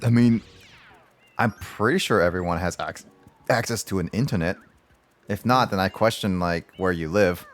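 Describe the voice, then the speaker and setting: A man's voice: low voice, moderate pace, pauses often. A man hosting a livestream, chatting casually with friends in a rambling way, full of restarts and fillers. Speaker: livestream host. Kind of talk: casual chat among friends.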